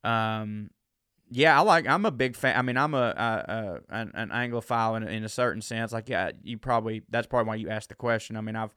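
A man's voice: on the low side, fairly quick, sharp tone, smooth, no room sound, studio quality. A man, hosting his own podcast as a comedian and rambling in a self-mocking way with lots of fillers. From Southern US. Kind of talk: casual solo podcast chat.

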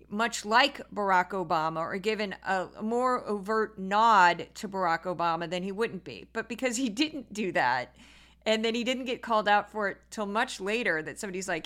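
A woman's voice: medium pitch, a bit bright. A woman hosting a podcast, giving casual, sarcastic political commentary full of fillers. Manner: opinionated, sarcastic, with frequent fillers. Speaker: podcast host.

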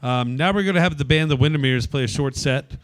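A man's voice: mid-range voice, fast talker, dry recording. A man hosting a live show, announcing the next act in a loose, casual way with some swearing. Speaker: host.

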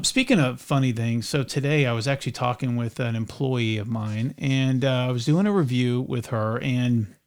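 A middle-aged man from North Carolina, co-hosting a podcast in a rambling, casual way, full of fillers and restarts. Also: medium pitch. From North Carolina, USA. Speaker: podcast co-host. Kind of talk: casual chat.

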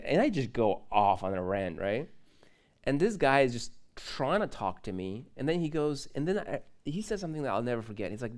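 Young man, pastor, casual sermon, church, chatty storytelling, medium pitch. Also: a little fast. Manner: casual, animated storytelling with laughs and asides to the audience. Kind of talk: conversational sermon with personal story.

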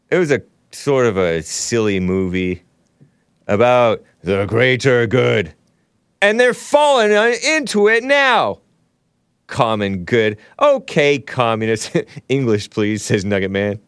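A male talk show host rambles through sarcastic commentary and laughs at his own asides. His voice is smooth and resonant. It sits close and dry, with no room sound. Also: medium pitch, dry recording. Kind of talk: casual commentary playing clips.

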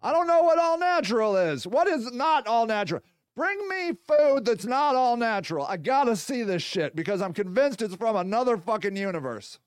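A man's voice: very high-pitched, very animated, normal speed, smooth, dry recording, clean studio sound. A man hosting his own podcast, delivering a rambling, profane comedic rant and acting out mock back-and-forth dialogues. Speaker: podcast host.

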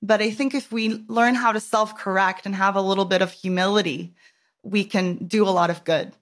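A woman's voice: medium pitch, steady tone, moderate pace. A woman hosting a podcast who speaks reflectively in a conversational interview, thinking aloud as she talks. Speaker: podcast host.

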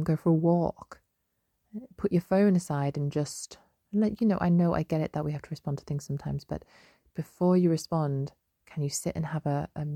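A young woman hosting a solo podcast, chatty and gentle, with many fillers and restarts. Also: deep voice, no room sound, studio quality. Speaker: podcast host. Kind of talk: casual solo podcast talk.

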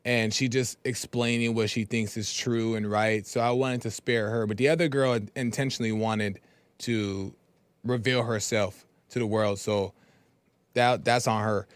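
A man's voice: fairly low pitch, fairly even intonation, moderate pace, clean tone, no room sound. A man hosting a podcast, giving opinionated commentary on a clip in a hesitant way. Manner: opinionated, hesitant, with restarts and fillers. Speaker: podcast host.

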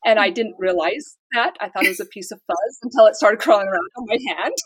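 A woman's voice: medium pitch, quick pace. A woman author from the United States, talking casually and earnestly in a podcast interview. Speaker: author guest.

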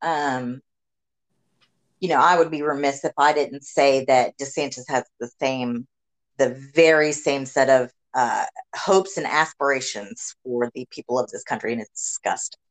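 A woman's voice: extremely low pitch, unhurried, poor audio. A woman hosting a podcast, talking bluntly and swearing heavily in casual political chat. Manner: blunt, heavy swearing, animated rants. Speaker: podcast host.

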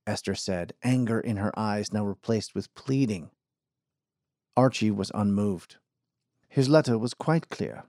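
A man giving measured, scripted audiobook narration. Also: lowish voice, a little mellow, no echo, clean studio sound.

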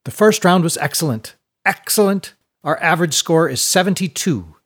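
A man's voice: on the high side, expressive, normal speed, fairly bright tone, pitched above the performer's own voice. A man voicing an enthusiastic school rector who speaks in an upbeat, formal way. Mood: beaming. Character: enthusiastic male school rector, older teacher.

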